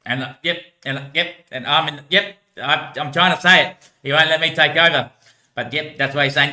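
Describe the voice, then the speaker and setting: A man's voice: fairly high pitch, brisk, sharp tone. A man talking in a rambling casual monologue, swearing freely and laughing often, recorded in an echoey room.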